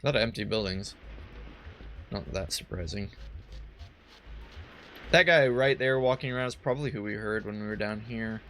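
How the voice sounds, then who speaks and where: A man's voice: on the low side, normal speed, long pauses, a bit bright, soft background music. A man casually commenting while playing a video game, rambling with joking asides. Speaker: let's play host. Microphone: headphones and desk mic.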